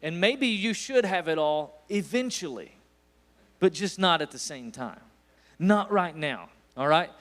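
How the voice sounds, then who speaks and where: A man's voice: on the high side, lively intonation, a little slow, a bit bright. Guest preacher, man in his forties, East Tennessee accent, storytelling sermon with emphatic peaks. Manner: folksy storytelling, rising to emphatic bursts. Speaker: guest pastor.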